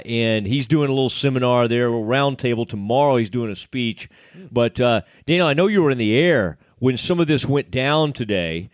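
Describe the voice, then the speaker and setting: A sports podcast co-host, a middle-aged man with an East Texan accent, chats casually and reads an ad in a jokey, enthusiastic style. His voice is medium-pitched, captured in clean studio sound without echo.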